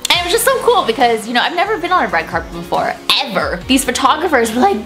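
A woman's voice: sits high, big pitch swings, fast talker, few pauses, over music. Tired, gushing young woman vlogger. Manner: gushing, breathless fan talk with giggles. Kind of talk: casual chat to camera. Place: indoors at night after an event.

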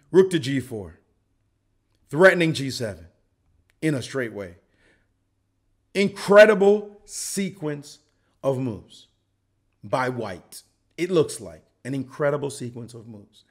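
A middle-aged man giving a playful, joking chess lesson, acting out the players' reactions as he goes. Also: mid-range voice. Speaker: chess commentator.

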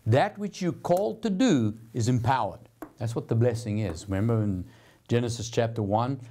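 A man's voice: medium pitch, lively intonation, moderate pace, warm tone. A man hosting a televised Bible teaching program, preaching in an earnest, encouraging, conversational way.

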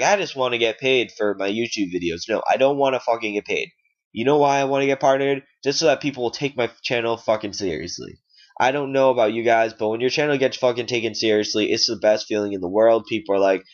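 A young man rants angrily to his viewers, rambling and tripping over fillers as he swears. His voice sits fairly low. The recording is dull and lo-fi. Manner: frustrated, rambling, swears a lot, many "like" fillers. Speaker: YouTube gamer. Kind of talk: angry rant to camera. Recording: dull lo-fi sound.

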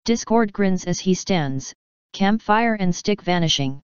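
A woman reading a story aloud as a fanfiction narrator, steady and even. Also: medium pitch, measured pace, clear, resonant tone, no echo, muffled recording. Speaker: fanfiction reader.

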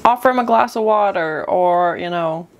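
A woman's voice: on the low side, moderate pace, heavy background noise. A young woman giving casual, chatty reaction commentary while watching a movie, with frequent gasps and jokey asides. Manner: chatty, exclaims and gasps often; jokey asides, mock quoting characters. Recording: movie soundtrack music behind. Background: movie music.

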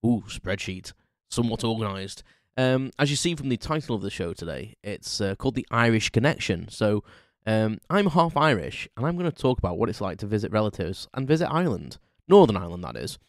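A man's voice: lowish voice, big pitch swings, a little fast, hardly any pauses, no echo, studio quality. Rambling man hosting a podcast. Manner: rambling, chatty, lots of ums and restarts. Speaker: podcast host. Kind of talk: unscripted casual monologue.

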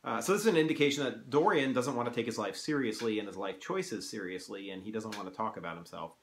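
A man's voice: fairly low pitch, fast. A man reading a novel aloud and breaking off to analyze it in a loose, conversational way. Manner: conversational, many fillers and restarts. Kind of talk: casual literary analysis. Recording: roomy echo.

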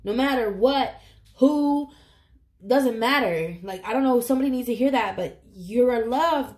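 A woman's voice: on the high side, measured pace, darkish tone. A woman giving a casual tarot reading to camera, earnest and emotional, swearing casually as she talks. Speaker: tarot reader. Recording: echoey room.

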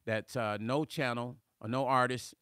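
A man's voice: medium pitch, steady tone, moderate pace, bright, forceful tone, smooth, no echo, studio quality. A middle-aged man, a musician, hosting a live stream, reading viewer comments and talking casually and animatedly, often laughing and stumbling over repeated words when fired up.

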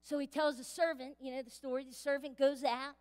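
A woman pastor preaching a sermon in a church, lively and playful, acting out voices as she goes. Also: high voice, brisk. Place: church sanctuary. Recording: reverberant church hall.

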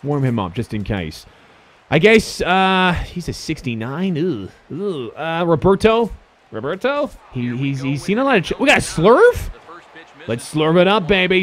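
A young man giving excitable, swearing commentary while he plays a baseball video game. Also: fairly high pitch. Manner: excitable, swears and yells at the players. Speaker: gaming YouTuber.

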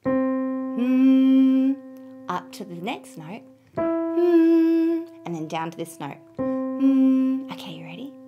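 A woman teaching children to sing, talking gently and encouragingly and singing moo notes over a piano. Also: on the low side, expressive, fast, hardly any pauses, lo-fi sound. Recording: piano music behind. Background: piano keyboard.

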